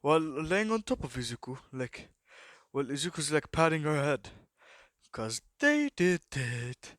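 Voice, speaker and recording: Young guy telling a made-up story off the top of his head, kinda high voice, dry close mic, rambles a lot. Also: very animated, measured pace, a bit bright, no echo. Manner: rambling, many fillers and repeated "the what?" prompts. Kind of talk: casual improvised story narration.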